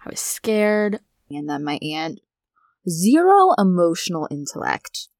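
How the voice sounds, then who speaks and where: Woman, early twenties, solo podcast host; casual, frank delivery with plenty of cursing, slightly low voice, dry recording. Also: very animated, unhurried, vocal fry, darkish tone, dry recording. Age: 20s. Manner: candid, blunt, swears freely.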